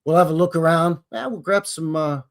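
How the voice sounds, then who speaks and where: A man's voice: on the high side, a little fast. A Canadian man hosting a live stream in a folksy, jokey, casual way. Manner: folksy, jokey, greets viewers by name. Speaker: host.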